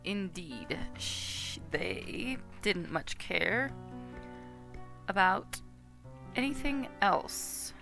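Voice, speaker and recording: A woman's voice: on the low side, very animated, extremely slow, creaky, long pauses, music in the background. A woman streamer chatting casually and reading game text aloud while playing, laughing often.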